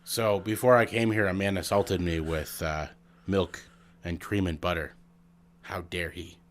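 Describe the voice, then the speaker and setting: A man co-hosting a podcast, trading dry, deadpan jokes and puns in casual chat. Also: low-pitched, moderate pace, slight background noise. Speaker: podcast co-host.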